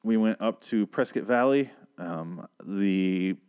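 A man's voice: fairly low pitch, takes it slowly, darkish tone, smooth. A man from Michigan hosting a podcast, ranting in a rambling, sarcastic and profane casual monologue. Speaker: podcast host.

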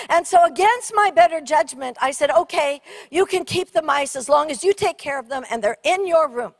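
Woman preaching, high voice, lively funny story, gets loud and shrieky. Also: normal speed. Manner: animated, shrieking during funny story parts. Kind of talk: sermon storytelling.

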